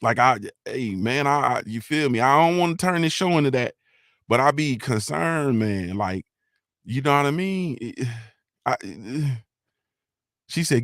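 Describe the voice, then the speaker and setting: A man's voice: mid-range voice, animated, normal speed, dry recording, clean studio sound. A middle-aged man from Ohio, by way of Mississippi, hosting a casual live-stream morning show, rambling loosely, repeating "you feel me," and swearing freely.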